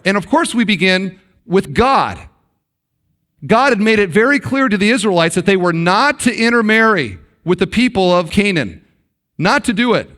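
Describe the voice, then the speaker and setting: A middle-aged pastor with a fairly high voice, preaching to his congregation. He talks conversationally, drops into hushed dramatic pauses, and acts out the quotes he reads. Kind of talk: sermon.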